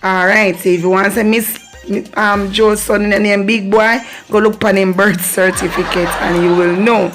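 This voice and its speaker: A woman from Jamaica with a Jamaican accent, hosting a casual video lesson on patois, playful and quick to laugh. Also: medium pitch, steady tone, over music. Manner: playful, laughs often, lilting patois phrases. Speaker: channel host teaching patois.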